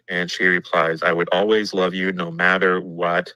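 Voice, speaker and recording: A man reading courtroom notes aloud in a steady, matter-of-fact way as a guest on a livestream discussion. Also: low-pitched, normal speed, clear, resonant tone, no echo, poor audio.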